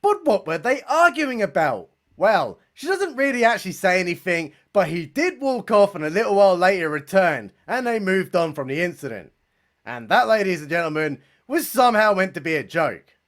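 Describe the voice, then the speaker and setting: Mocking a comedy special he's reviewing, a young man speaks at a normal speed in a high-pitched voice. He's sarcastic throughout, with deadpan asides and offhand swearing.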